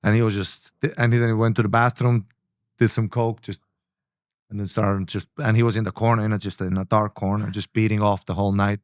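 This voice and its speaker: A man's voice: lowish voice, level tone, a little fast, clean tone, no room sound, studio quality. A man hosting a casual chat, telling long, crude, rambling stories. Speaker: podcast host.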